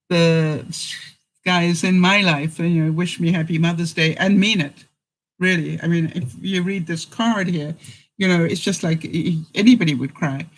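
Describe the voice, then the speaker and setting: A man's voice: high voice, fairly bright tone, low-quality recording. A man from England, hosting a casual vlog and answering viewers in a rambling way, often chuckling and full of fillers. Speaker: vlogger host.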